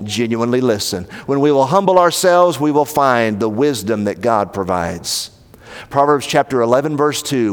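A man preaching a sermon, emphatic, swinging between raised and hushed passages. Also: medium pitch, in a large hall. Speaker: pastor.

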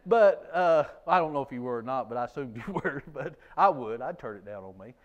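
A man's voice: medium pitch, expressive, a little fast. A man teaching a conversational Bible lesson, folksy and self-deprecating, often restarting his sentences.

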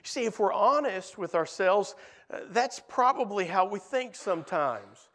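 A man preaching a sermon in a church, earnest and repetitive, his voice dropping soft at the ends of phrases. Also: high-pitched, animated, normal speed. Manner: earnest, repeats words in lists, voice drops soft at phrase ends. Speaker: pastor.

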